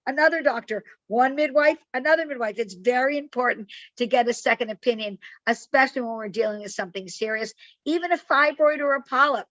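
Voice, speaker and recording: Woman herbalist, bright tense voice, dry dull call audio, emphatic lecture tone. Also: high voice, moderate pace, dry recording. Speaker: herbalist speaker. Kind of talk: online lecture and Q&A.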